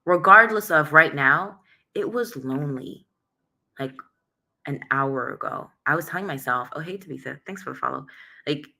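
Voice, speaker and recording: A woman's voice: sits low, normal speed, vocal fry, bright, forceful tone. A woman hosting a casual motivational livestream, talking openly and emotionally and greeting viewers by name. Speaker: livestream host.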